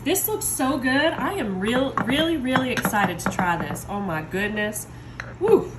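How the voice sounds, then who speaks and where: A woman, showing desserts in her home kitchen in a chatty, excitable way, talking to viewers. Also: a little high, normal speed, heavy background noise. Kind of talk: casual cooking video. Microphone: phone.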